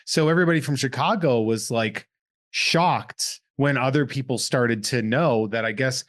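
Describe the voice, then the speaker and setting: Podcast host: man from Massachusetts, mid-range voice, quick jokes and interjections in casual chat. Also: mid-range voice.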